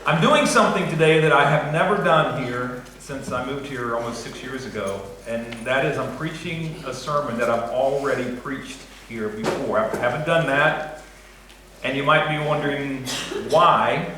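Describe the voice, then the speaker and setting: A man's voice: mid-range voice, moderate pace, sharp tone. A man preaching a sermon as pastor, conversational and joking with the congregation, in a church sanctuary. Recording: echoey church hall, faint noise.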